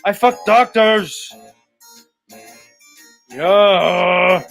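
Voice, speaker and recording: A man's voice: sits high, drawn-out words, gravelly, a bit bright, soft background music, exaggerated voice. A man doing a mocking impression of a whiny, defensive, creepy man who swears a lot. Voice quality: whiny, indignant, profane.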